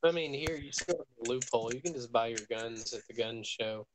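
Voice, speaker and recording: A man's voice: medium pitch, fairly quick, noisy background. Man narrating a tabletop game. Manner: dramatic storytelling, playful. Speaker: game master.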